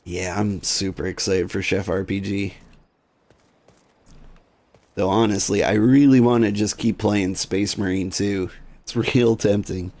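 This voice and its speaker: A man streaming a game, chatting casually and relaxed with his viewers. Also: on the low side, a little slow, pauses often. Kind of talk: casual gaming stream chat.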